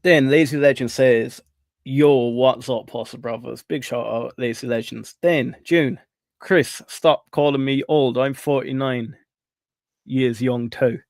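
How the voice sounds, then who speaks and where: A man's voice: medium pitch, steady tone, slow, no echo, clean studio sound. A man hosting a casual online audio chat, friendly as he reads out the chat. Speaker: host. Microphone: online audio call.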